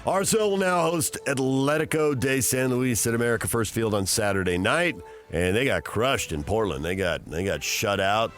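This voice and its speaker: A man hosting a sports radio show, measured and informative. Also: mid-range voice, a bit bright, soft background music. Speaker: radio host.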